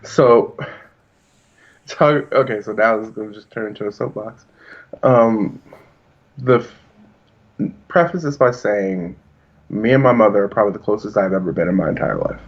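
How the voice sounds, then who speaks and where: A man's voice: fairly low pitch, moderate pace, long pauses, highs cut off. A man in his thirties, a podcast co-host, talking in an earnest, reflective way as he tells personal stories. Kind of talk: casual chat.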